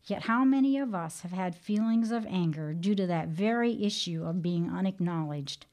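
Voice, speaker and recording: A woman giving a devotional radio teaching in a measured, earnest, plain-spoken way. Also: fairly low pitch, darkish tone.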